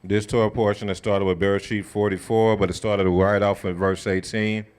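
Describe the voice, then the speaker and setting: A man leading a scripture study, retelling the story in a colloquial, conversational and animated way. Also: fairly low pitch, normal speed, clean tone. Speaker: Bible study teacher. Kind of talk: casual sermon-style scripture teaching.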